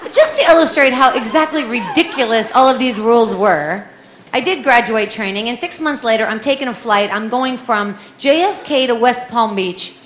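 A woman in her forties telling a comic personal story, lively and animated, acting out the voices of the people in it. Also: on the high side, moderate pace, a little hiss or hum. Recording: echoey room with faint ambience.

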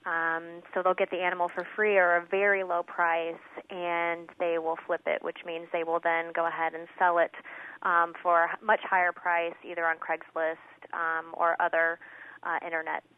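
A woman from an animal shelter calling in to a radio show and explaining a problem with steady, informative talk. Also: lowish voice, no echo. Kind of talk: phone-in interview. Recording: tinny phone line.

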